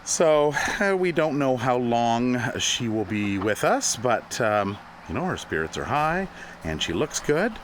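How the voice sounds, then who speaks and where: A man giving a relaxed walking tour of his farm, chatting, laughing often and greeting animals along the way. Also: medium pitch, unhurried, a little hiss or hum. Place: outdoors on a farm, in woods and fields.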